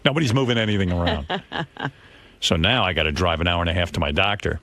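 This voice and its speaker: A man's voice: deep voice, quick pace, fairly bright tone. A man hosting a radio show and telling a rambling, self-mocking story in casual chat.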